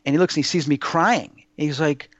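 A man's voice: on the high side, steady tone, moderate pace, a bit bright, dry recording, lo-fi sound. A man telling personal stories in a casual interview, earnest and rambling, with many fillers and restarts. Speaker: guest sharing personal experiences. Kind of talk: casual spoken storytelling.

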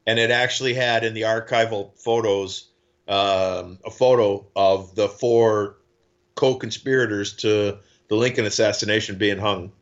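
A man's voice: lowish voice, a little slow. Lo-fi male podcast co-host. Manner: animated storyteller, acts out quotes. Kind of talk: casual chat.

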